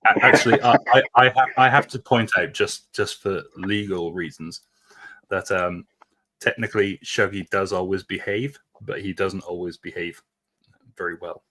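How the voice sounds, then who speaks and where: Deep husky guy, slow and laid back, wry comments, laughs a lot. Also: bright, forceful tone, no echo. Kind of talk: casual chat.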